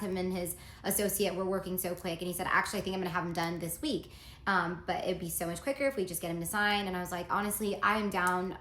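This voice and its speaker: A woman's voice: mid-range voice, bright, forceful tone, reverberant, a little hiss or hum. A woman casually telling a dramatic personal story, acting out the texts and lines she quotes.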